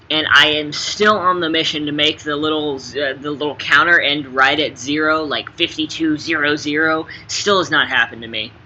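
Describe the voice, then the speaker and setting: A young man answering fun interview questions in a playful, jokey way, swinging between quiet asides and loud bursts. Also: a little high. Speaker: interviewee, actor. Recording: slightly dull sound with faint background noise.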